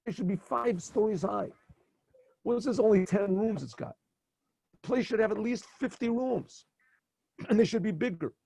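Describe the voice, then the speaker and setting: A man playing a calm, kindly old holy man. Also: high voice, creaky, husky, dry recording, pitched above the performer's own voice, heavily acted.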